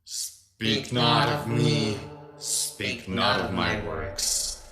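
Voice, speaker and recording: A man voicing a grave, menacing hooded wanderer with a slow, punchy delivery. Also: lowish voice. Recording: distant voice with music underneath.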